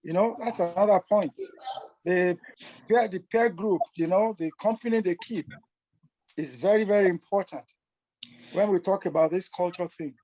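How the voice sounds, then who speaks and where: A middle-aged man hosting a discussion, speaking in a measured way and repeating his key points. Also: high-pitched, warm tone. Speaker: talk show host. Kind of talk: casual discussion. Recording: dull lo-fi sound with faint hiss.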